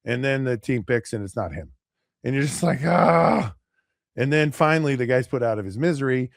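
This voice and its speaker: A man co-hosting a casual sports talk show, rambling with many restarts and acting out players and pundits in quick asides. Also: medium pitch, no echo, studio quality. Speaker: podcast co-host.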